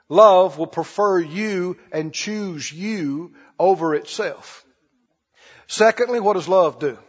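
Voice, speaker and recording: A pastor with a high, slightly rough voice preaches conversationally, putting questions to the congregation and acting out small scenes. The audio is dull and lo-fi, with a long hall reverb.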